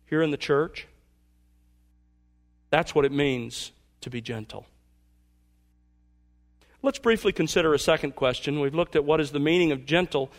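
A man preaching as pastor, earnest, asking his listeners pointed questions and slowing down for emphasis. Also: high-pitched. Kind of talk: sermon.

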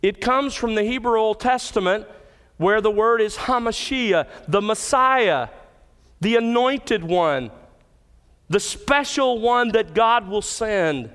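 A pastor delivers an expository sermon from the pulpit in a smooth, resonant voice that sits somewhat higher than most and is fairly bright. He speaks slowly and expressively, lifting key words for emphasis, while a long reverb carries his voice through the hall.

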